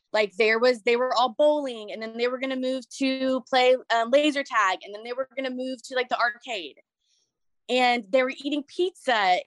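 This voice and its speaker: A woman's voice: on the high side, no echo. A woman in casual chat, telling a personal story in a rambling, emotional way with many restarts. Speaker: guest sharing a story.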